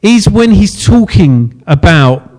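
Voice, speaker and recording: Man, preacher, sermon, chatty, self-deprecating, laughs a lot, slightly high voice. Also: big pitch swings, takes it slowly, darkish tone.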